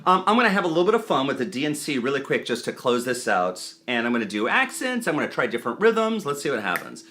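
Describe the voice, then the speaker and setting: A man's voice: mid-range voice, very animated, fast, pushed and bright. A man giving a casual guitar lesson, counting beats aloud as he explains rhythm and accents. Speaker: guitar teacher. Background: guitar playing.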